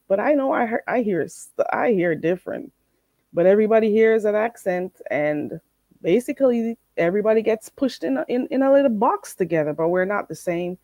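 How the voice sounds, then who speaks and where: A woman's voice: medium pitch, mellow, dry recording. Blunt, chatty woman, dry and close. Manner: chatty, blunt, repeats herself with fillers. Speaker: livestream host teaching phrases. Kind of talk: casual livestream chat.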